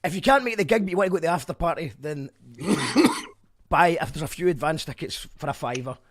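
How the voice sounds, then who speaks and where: Man, host, chatty, joking, high voice, dry sound. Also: quick pace, fairly bright tone, no echo. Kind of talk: casual live-show chat.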